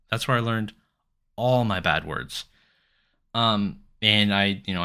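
A man's voice: deep voice, pushed and bright, clean tone. A man in his thirties hosting a solo podcast, telling rambling stories full of swearing and filler words. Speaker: podcast host. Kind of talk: casual solo podcast monologue.

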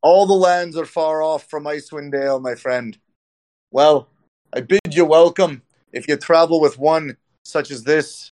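A man's voice: fairly high pitch, unhurried, darkish tone, pitched above the performer's own voice, natural voice. A man voicing a hearty male dwarf who speaks in an old-fashioned way, welcoming travelers. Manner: old-fashioned speech, says aye.

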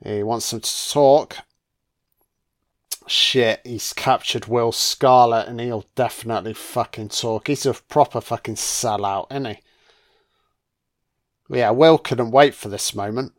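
A man's voice: medium pitch, unhurried, pauses often. A man giving profane, sardonic film commentary, full of swearing and mocking asides on a close microphone.

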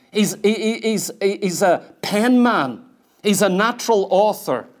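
A man preaching a sermon in a fervent, repetitive cadence, leading a congregation into worship. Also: high-pitched. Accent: Northern Irish.

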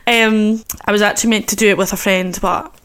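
A woman's voice: mid-range voice, fairly even intonation, a little fast, a bit bright, clear, resonant tone. A chatty, giggly woman of twenty-five, hosting a solo podcast and nervously poking fun at herself. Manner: chatty, giggly, self-mocking. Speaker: podcast host.

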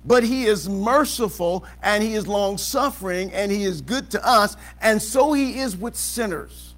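High-voiced preaching pastor. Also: male voice, a little slow. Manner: preaching with rising shouts and call-and-response questions. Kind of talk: sermon. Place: church auditorium. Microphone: live service recording.

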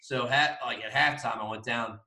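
A young man co-hosts a casual podcast, telling a rambling story full of swearing and laughter. His medium-pitched voice is steady, pushed and bright at a normal speed. The room is echoey and the mic sits at a distance.

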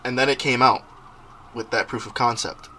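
A young man hosting a casual podcast, telling stories in an animated way and often laughing. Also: mid-range voice, moderate pace, slight background noise. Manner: laughing, animated storytelling with quoted voices. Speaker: podcast host.

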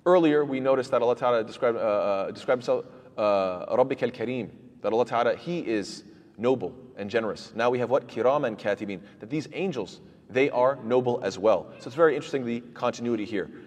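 A man's voice: mid-range voice, a little fast, darkish tone, big-room sound. A man teaching a Quran commentary lecture, asking rhetorical questions and answering them himself, with recited verses in between.

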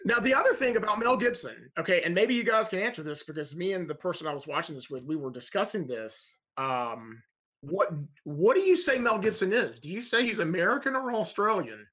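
A man with a high, bright voice talks casually on a film podcast. He rambles through his stories with plenty of "you know" and restarts, lifting his voice when he quotes people. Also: fairly quick. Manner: rambling, animated storyteller with many fillers. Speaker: podcast co-host.

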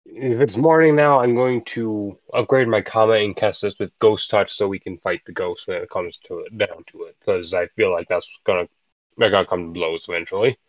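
A man's voice: lowish voice, steady tone, moderate pace, no echo. A man playing in a tabletop game, talking in an earnest, hesitant way. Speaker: player. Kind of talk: tabletop role-play chat. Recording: dull dry lo-fi sound.

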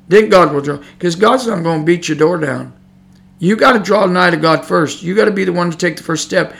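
Brief: male podcast preacher, fairly high gravelly voice, earnest and emphatic, repeats for stress. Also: normal speed, a bit bright. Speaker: podcast Bible teacher. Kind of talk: preaching Bible study. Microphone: podcast microphone.

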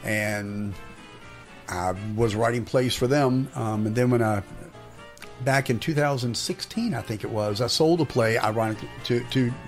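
A man's voice: mid-range voice, normal speed, faint music behind. Hesitant male playwright guest. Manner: relaxed, hesitant with "um"s and small laughs. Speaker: playwright and theatre director, guest. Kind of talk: casual interview.

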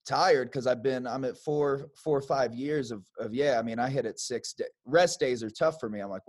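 A man's voice: mid-range voice, normal speed, few pauses. A man hosting a casual interview, talking in a laid-back, profane way. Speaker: podcast host.

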